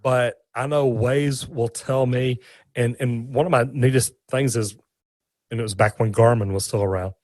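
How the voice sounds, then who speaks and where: A man, a guest in a casual interview, telling stories in an animated, folksy way with many restarts. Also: medium pitch, moderate pace, no room sound, rough recording. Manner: animated, folksy, repeats words.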